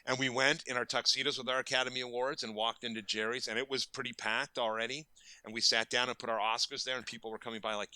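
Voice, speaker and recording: Bright, lively man telling stories. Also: mid-range voice, quick pace, no room sound. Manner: animated, acts out quotes with bursts of energy. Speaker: guest, makeup effects artist. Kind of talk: casual interview storytelling.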